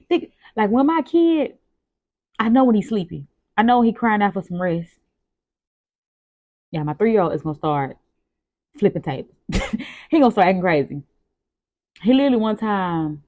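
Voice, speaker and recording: Young woman host, casual spoken devotional, lively pitch swings, close and dry. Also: moderate pace, pauses often, dry recording, phone-quality sound. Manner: animated, repetitive preacherly emphasis with rhetorical questions. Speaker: host journaling aloud on faith.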